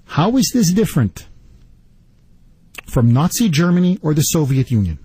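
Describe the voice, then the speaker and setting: A man hosting a talk radio show, delivering an indignant, rapid-fire political monologue. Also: a little high, big pitch swings, mellow, breathy edge, no echo.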